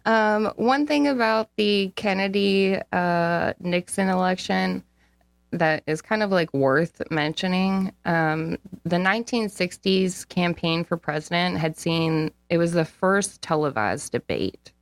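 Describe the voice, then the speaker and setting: A woman's voice: on the low side, takes it slowly, gravelly, smooth, no room sound. A young woman co-hosting a casual podcast, reading out history dates with blunt, profane asides. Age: young adult. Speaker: co-host.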